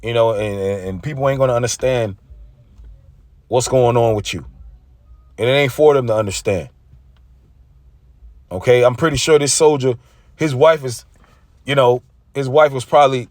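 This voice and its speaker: A man's voice: medium pitch, normal speed, pauses often, darkish tone, no echo. A man giving an intense, casual religious rant, often stumbling and repeating himself. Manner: intense, repetitive, stumbling over words.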